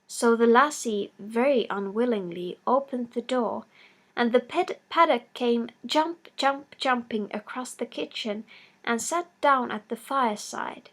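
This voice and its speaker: A woman's voice: a little high, a little slow. Woman reading a fairy tale aloud. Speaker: storyteller. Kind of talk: scripted narration of a fairy tale.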